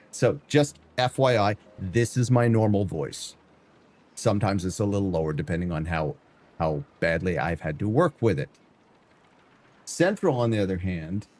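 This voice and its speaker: Husky, low-voiced male streamer. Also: a little mellow. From Canada. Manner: chatty, joking, talks back to chat. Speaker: variety streamer. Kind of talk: casual live-stream chat.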